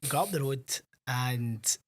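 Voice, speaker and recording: A Scottish man co-hosting a podcast in casual chat, telling animated anecdotes and acting out the voices of people in his stories. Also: medium pitch, slow pace. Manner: animated storyteller, acts out quoted voices. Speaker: podcast co-host.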